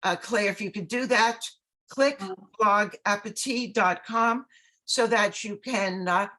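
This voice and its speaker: Woman host, halting intro with fillers and self-corrections, video call. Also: medium pitch, pushed and bright. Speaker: event host. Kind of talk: program introduction.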